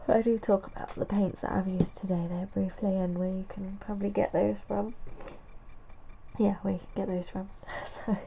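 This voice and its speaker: A woman's voice: mid-range voice, gravelly. A tired woman chatting and mumbling as she paints in a casual crafting tutorial. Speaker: craft vlogger. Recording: tinny phone-like sound, faint noise.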